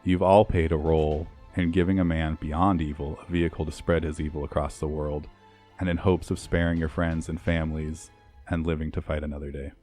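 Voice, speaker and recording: A man narrating a tabletop game as game master, in slow, dramatic descriptive narration. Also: a bass voice, level tone, mellow, faint music behind.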